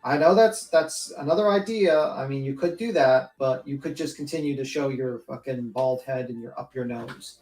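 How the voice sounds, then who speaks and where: A woman's voice: very deep voice, normal speed, hardly any pauses, darkish tone, soft background music. A woman panelist on a livestream, chatting casually and ranting bluntly with plenty of swearing. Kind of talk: casual chat. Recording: echoey room.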